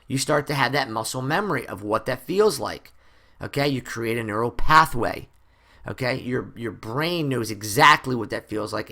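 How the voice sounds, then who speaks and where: Gravelly guy teaching a trading course, blunt and casual, cusses a bit, voice all over the place. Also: mid-range voice, pushed and bright. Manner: blunt, conversational, swears casually; acts out dialogue in raised voices. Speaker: trading coach. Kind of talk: course lecture.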